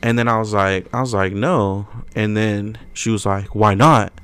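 Animated young man telling a story. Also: fairly low pitch, moderate pace, smooth, dry recording. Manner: animated storyteller, acts out quotes loudly. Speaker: podcast co-host. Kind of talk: casual podcast storytelling.

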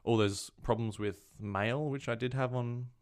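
A man co-hosting a casual tech podcast speaks in a mid-range voice, a little slowly. He's a rambling storyteller who keeps correcting himself.

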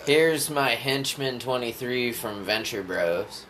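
A man co-hosting a podcast, talking in a halting, laid-back way. He speaks very slowly in a mid-range voice, with a faint hiss of noise behind him. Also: mid-range voice, expressive, a bit bright. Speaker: podcast co-host. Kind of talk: casual chat.

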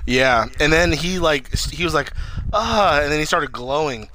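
A man's voice: on the high side, normal speed, sharp tone. A man co-hosting a podcast, retelling scenes in casual chat with lots of swearing and acted-out quotes. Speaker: podcast co-host.

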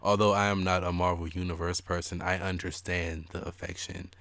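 Speaking briskly in a low voice with vocal fry, a young man co-hosts a laid-back conversation, with no room sound. He recounts stories with energy, acting out people's words.

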